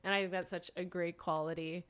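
A woman's voice: lowish voice, little pitch movement, fairly quick, a bit bright, clean tone. A young woman guest on a podcast, chatting casually, effusive and bubbly, saying "like" a lot. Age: young adult. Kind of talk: casual chat.

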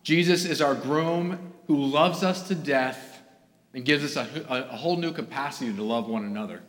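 A man's voice: mid-range voice, normal speed. A man preaching a sermon to his congregation in an earnest way, rising to emphatic bursts. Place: church sanctuary. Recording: long hall reverb.

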